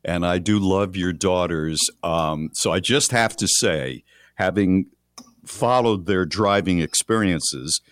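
A middle-aged man co-hosting a morning radio show, reacting with chuckles and measured fatherly remarks. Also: sits low, a bit bright, dry recording. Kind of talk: casual on-air banter.

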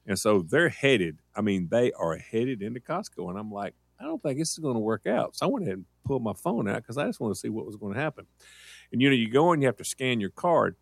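A man co-hosting casual chat, telling stories in an animated way and laughing often. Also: fairly low pitch, fast talker, gravelly, no room sound. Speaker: co-host. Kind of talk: casual storytelling.

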